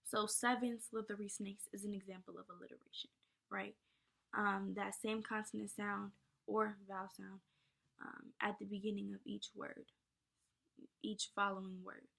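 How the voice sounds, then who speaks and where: Flat-toned young woman with gravelly voice. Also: medium pitch, normal speed. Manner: casual, many ums and likes, addresses viewers as y'all. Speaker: teacher. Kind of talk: informal lesson.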